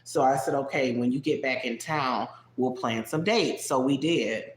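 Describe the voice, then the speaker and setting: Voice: medium pitch, moderate pace. A livestream host telling a personal story in casual, digressive chat, talking straight to viewers in the chat. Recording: roomy echo.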